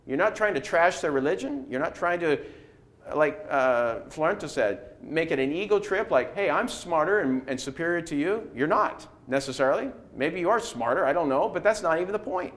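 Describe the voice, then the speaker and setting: Leading a Bible class at a normal speed, a man teaches with a lively, swinging voice pitched a little high. He strings rhetorical questions together and acts out the replies he quotes.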